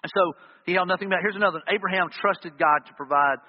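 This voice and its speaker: A man's voice: high voice, quick pace. A man preaching a sermon as pastor, earnestly driving points home with repeated emphatic refrains. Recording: reverberant hall, dull lo-fi sound.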